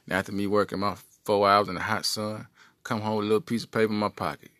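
A man, co-host of a podcast, telling an animated, joking story from his youth. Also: fairly low pitch, quick pace, dry recording, studio quality. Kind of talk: comic storytelling.

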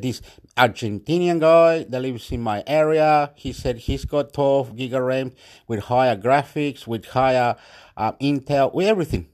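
A man's voice: medium pitch, a little mellow. Rambling man from Chile. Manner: rambling, swears, jumps between topics, mixes in Spanish phrases. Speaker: vlogger. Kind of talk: rambling casual monologue.

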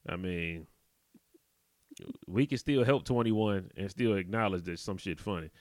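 In studio-quality audio with no echo, a man with a low, darkish voice co-hosts a podcast at an unhurried pace. His manner is laid-back and conversational, and he regularly asks his partner "you know what I'm talking about."

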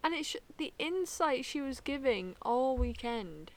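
A young woman co-hosting a podcast, chatting casually in an excitable, laughing way. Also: high-pitched, measured pace. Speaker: podcast co-host. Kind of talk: casual chat.

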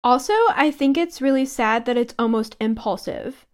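A woman co-hosting a fan podcast in a casual, giggly tone. Her voice sits high. She moves easily between chatting and reading passages aloud. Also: normal speed. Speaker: podcast co-host. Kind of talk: casual chat and book read-aloud.

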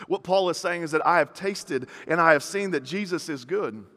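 Male pastor, thirties, preaching to a congregation, slightly high voice, long hall reverb. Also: moderate pace, a bit bright. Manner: conversational preaching with punchy repeated phrases. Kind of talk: sermon.

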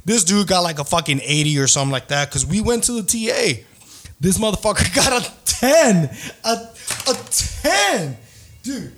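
A young man hosts a casual podcast, rambling through stories full of swearing and street slang. His voice sits fairly high for a man, and he laughs often as he goes. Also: big pitch swings, unhurried, long pauses, fairly bright tone. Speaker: podcast host. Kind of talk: casual storytelling chat.

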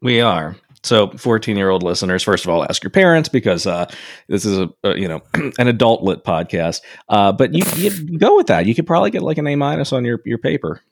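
A man co-hosting a literature podcast in casual chat, tossing in wry jokes. His voice is low but animated in pitch, recorded close and dry with no room sound. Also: brisk, creaky, no room sound. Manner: wry, joking asides. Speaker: podcast co-host.

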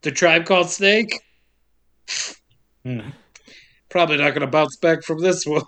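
A man's voice: a little high, bright, forceful tone. A man co-hosting a podcast, recapping a movie in a joking casual way and laughing often. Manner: joking, laughs often, mimics characters in quick asides.

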